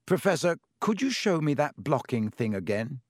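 A man's voice: a little high, big pitch swings, normal speed, husky, no room sound, studio quality. A man voicing a young, nervous schoolboy wizard, speaking plainly and warily. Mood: wary.

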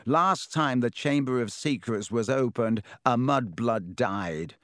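A man's voice: medium pitch, slow pace, fairly bright tone, no echo, studio quality. A man doing Malfoy, a sneering spoiled boy. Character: sneering spoiled schoolboy wizard, scornful and boastful.

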